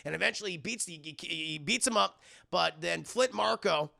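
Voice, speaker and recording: A man's voice: high voice, moderate pace, creaky, bright, forceful tone. A man recapping an anime episode for his live chat in a loose, swearing style, slipping into put-on voices for the characters. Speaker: streamer reviewing an anime episode.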